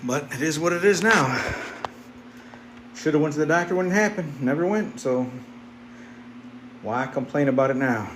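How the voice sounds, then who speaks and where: A man's voice: on the high side, lively intonation, normal speed, pauses often, fairly bright tone, slight background noise. A man vlogging casually to his viewers between sets in his home weight-training setup. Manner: laid-back, chatty, talks to viewers directly.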